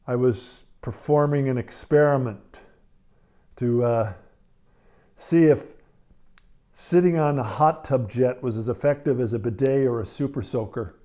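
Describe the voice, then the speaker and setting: A man hosting a home comedy show, rambling in a halting, deadpan way between acts. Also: medium pitch, lo-fi sound.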